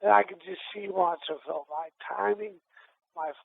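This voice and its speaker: His voice sits high with some vocal fry, and he talks at a moderate pace. The speaker, a middle-aged retired boxer from Massachusetts, USA, rambles through his stories in a casual interview, restarting and repeating often, all over a tinny phone line on a radio show.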